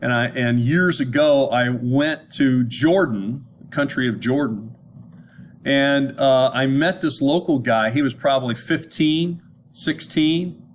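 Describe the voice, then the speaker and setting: A man's voice: medium pitch, takes it slowly, a little hiss or hum. An American man giving an informal lecture, talking conversationally and often checking whether his listeners follow, with frequent restarts. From United States.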